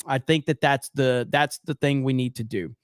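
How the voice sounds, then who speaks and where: A man's voice: medium pitch, steady tone, moderate pace, clear, resonant tone, dry recording, studio quality. A man hosting his own livestream in a chatty way, reading viewer comments aloud and laughing often. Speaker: livestream host. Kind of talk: casual livestream sign-off.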